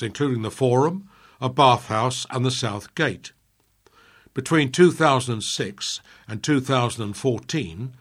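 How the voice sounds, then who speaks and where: A man reads a local history piece he wrote, keeping a steady, measured pace. His voice has a slightly husky edge and a middling pitch. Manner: measured, steady reading with small slips. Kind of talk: reading a prepared history piece.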